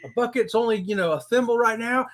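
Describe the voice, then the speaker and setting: A man's voice: very high voice, quick pace. A man co-hosting a casual cruise livestream, reading viewer comments in a folksy, upbeat way. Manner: folksy and upbeat, says y'all and howdy. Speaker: co-host of a cruise channel livestream.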